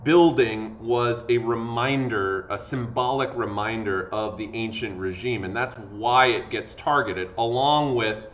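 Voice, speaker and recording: A history teacher gives a casual video lecture in a medium-pitched, fairly bright voice, sounding tired from talking. He keeps it conversational, leaning on lots of fillers and acting out quotes. The recording is muffled, with a little background noise.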